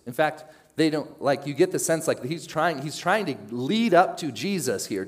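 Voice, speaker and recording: A young man preaching a sermon in a casual, conversational way, rising with emphasis and dropping to a hush at key points. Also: on the high side. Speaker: pastor.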